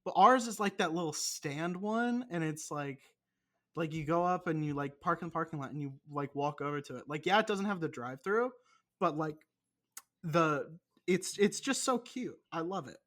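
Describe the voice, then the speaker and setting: A man's voice: on the high side, animated, moderate pace, fairly bright tone. A young man co-hosting a casual podcast, rambling and swearing, often mocking himself. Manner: profane, rambling, self-mocking. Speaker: podcast co-host. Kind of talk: casual chat.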